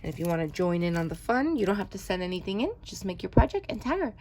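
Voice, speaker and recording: A woman's voice: medium pitch, sing-song, quick pace, a little mellow, a little hiss or hum. A woman vlogger chatting through her craft projects, gushing and often correcting herself. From New York. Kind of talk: casual show-and-tell narration.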